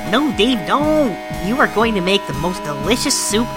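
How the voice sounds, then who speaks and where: A man's voice: high-pitched, sing-song, moderate pace, loud music behind the voice, pitched above the performer's own voice. A sarcastic alien troll girl, voiced by a man teases in grand, overly formal phrasing. It is a webcomic read aloud in roles. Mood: theatrical.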